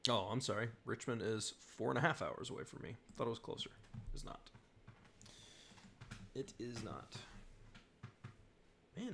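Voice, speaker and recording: A man's voice: mid-range voice, creaky, fairly bright tone, slight background noise. A young man from southern Virginia, hosting a loose live-stream chat, rambling with lots of fillers as he reads and answers comments. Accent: General American with slight Southern Virginia tinge.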